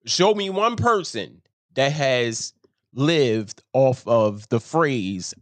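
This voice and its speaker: A show host delivers a casual storytelling monologue slowly and unhurriedly, rambling and chuckling at his own lines. His middling-pitched voice has lively intonation, recorded close and dry with no room echo.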